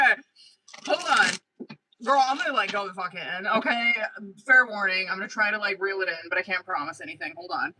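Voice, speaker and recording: A woman doing a live-stream tarot reading, excitable and swearing heavily as she talks straight to a viewer. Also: medium pitch, brisk, background noise. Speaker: tarot reader.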